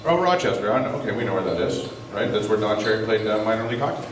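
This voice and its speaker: A man doing live stand-up, teasing the audience with quick, mocking banter. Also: on the low side, lively intonation, distant mic. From Canada. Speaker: stand-up comedian. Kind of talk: live stand-up crowd work. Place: comedy club stage. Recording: echoey live club with crowd noise. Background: audience laughter.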